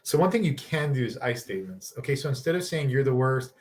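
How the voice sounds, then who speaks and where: A tired man with a mid-range voice talks quickly as he runs a casual online relationship workshop over a video call. He's lively, acting out sample dialogues as he goes.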